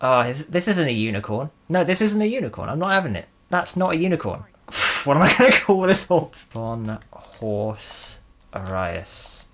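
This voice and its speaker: A young man in his twenties hosts a let's-play of a game, with sarcastic and jokey commentary. His voice sits a little high, and he often breaks into laughter between dry remarks. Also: sing-song, a little fast, fairly bright tone. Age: 20s. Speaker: gaming channel host.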